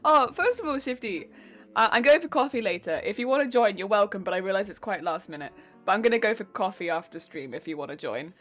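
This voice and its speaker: A woman streamer chatting casually with her live chat while crafting, laughing often, her weak voice cracking when her pitch changes. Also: expressive, brisk, fairly bright tone, soft background music. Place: home crafting stream setup.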